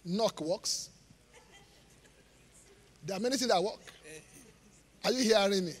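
A man preaching a live sermon in church, joking with the congregation and pausing for it to finish Bible verses. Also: sits high, slightly rough. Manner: call-and-response, leaves gaps for the congregation to finish verses; jokes and laughs with the congregation. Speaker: pastor. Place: church auditorium. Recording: live church hall reverb.

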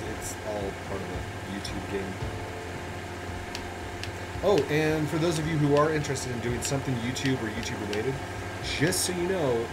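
A man hosting a casual gaming video and calling out loud, excited reactions as he plays with his family. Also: medium pitch, heavy background noise. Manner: excitable, shouts reactions to the game. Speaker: gaming channel host. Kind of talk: casual gameplay commentary. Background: game music.

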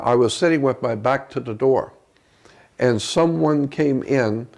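A man being interviewed as a guest, earnestly recounting a personal story in a halting way, often restarting his sentences. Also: medium pitch, darkish tone.

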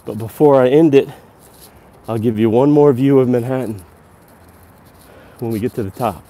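A man with a warm, medium-pitched voice speaks at normal speed while leading a casual live-stream walking tour. Breathless from the stairs, he chats away to viewers, addressing them as guys, outdoors in a hillside park as dusk falls.

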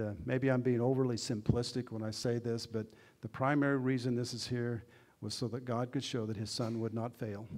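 Here a mid-range male voice belongs to a pastor preaching with earnest conviction in a church. His delivery swings from loud, emphatic moments to quiet asides as he poses questions to the congregation.

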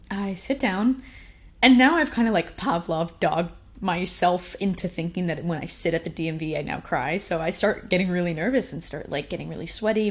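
A young woman telling personal stories in a casual, animated way, laughing often and poking fun at herself. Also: fairly low pitch. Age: young adult. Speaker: speaker sharing personal stories. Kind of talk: casual storytelling talk.

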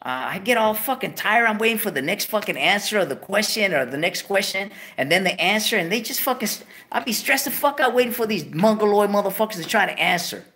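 A man's voice: high-pitched, lively intonation, fairly quick, few pauses, pushed and bright. A man hosting his own show, ranting heatedly, swearing constantly and repeating himself. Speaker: host. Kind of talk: profane monologue rant.

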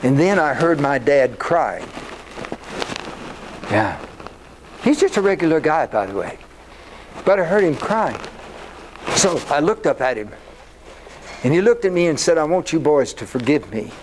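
An older man giving an animated storytelling talk to an audience. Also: a little high, a little slow, pauses often, noisy background. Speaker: speaker.

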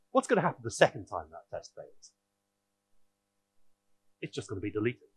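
A man's voice: high-pitched, dry recording. A man giving a technical conference talk, explaining in a wry, audience-directed way. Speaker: conference speaker.

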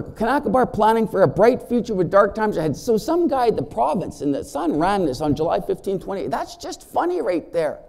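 With a very high pitch and noticeable vocal fry, a man speaking as a First Nations chief delivers a keynote at a conference. He jokes, stays animated, and often quizzes the audience.

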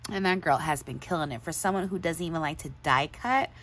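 A woman's voice: sits low, brisk, fairly bright tone. A woman hosting a craft video, gushing in a casual show-and-tell chat and laughing often. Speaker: craft channel host.

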